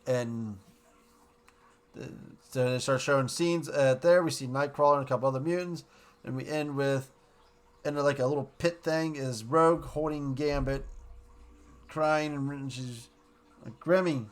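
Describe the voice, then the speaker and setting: A mid-range male voice goes over a cartoon episode in a relaxed, rambling way, reviewing it with obvious excitement. Now and then he quotes the characters in quick bursts.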